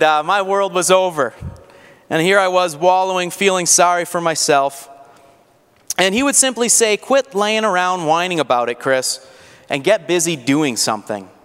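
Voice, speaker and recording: A man preaching in an earnest, fervent tone, his voice sitting a little high. A long reverb trails each phrase, as if he stands in a large church hall. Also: a bit bright, clear, resonant tone. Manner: earnest, rising to fervent rhetorical questions. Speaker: pastor. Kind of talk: sermon.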